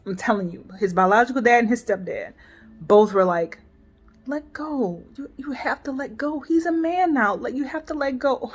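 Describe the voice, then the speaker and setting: A woman in her forties talking through a painful family rift in a personal vlog, emotional and halting, often restarting and trailing off softly. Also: mid-range voice.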